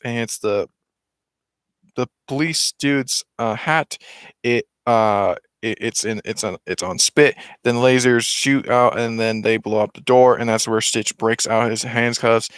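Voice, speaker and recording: A man retelling a film in a casual, excited, rambling way with many restarts. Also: medium pitch, clear, resonant tone, dry recording.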